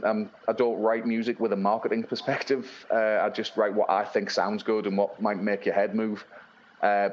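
Low-voiced man. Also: highs cut off. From Northeast England. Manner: rambling, many fillers and restarts. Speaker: blues-rock musician guest. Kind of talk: casual interview chat.

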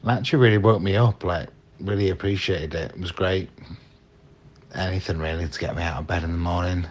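A man's voice: sits low, steady tone, a little fast, muffled recording. A man with a Northern English accent leaving a friendly, easygoing voice message for a podcast. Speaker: caller.

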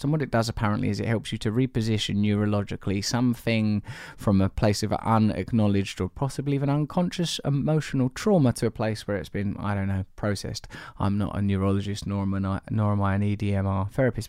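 A man hosts a podcast, rambling playfully while reading out and answering listener emails. His voice is low with a gravelly fry. It sounds close and dry. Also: a little mellow, dry recording. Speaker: podcast host.

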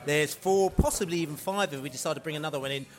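A man's voice: a little high, fast. A man hosting a podcast, eagerly plugging a fan night out. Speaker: podcast host. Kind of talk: promotional chat.

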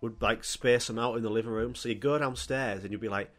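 A man, telling crude, animated comic stories as a podcast host and swearing freely. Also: mid-range voice, brisk, hardly any pauses. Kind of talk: comic storytelling monologue.

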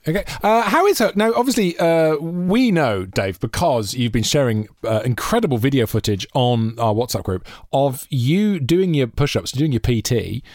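A man's voice: mid-range voice, moderate pace, hardly any pauses, no room sound, clean studio sound. A Welsh man co-hosting a podcast, chatting casually and telling jokey stories with lots of laughter. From Wales. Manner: jokey, animated storytelling, often laughing. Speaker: podcast co-host. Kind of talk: casual chat.

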